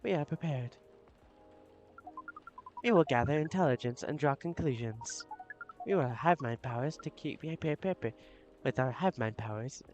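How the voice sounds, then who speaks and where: A man's voice: medium pitch, measured pace, long pauses, soft background music, close to an everyday voice. A man voicing an alien hive-mind creature who speaks formally as "we". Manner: flat, formal, collective speech.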